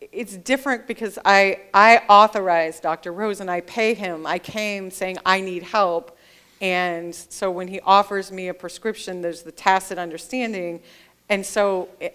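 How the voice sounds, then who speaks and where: A woman with a smooth, clear voice, sitting in for an author interview at a library event. She talks in an animated, storytelling way and keeps slipping into the voices of people she quotes. Her pitch sits in an ordinary middle range. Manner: animated storyteller who acts out quoted dialogue. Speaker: author guest.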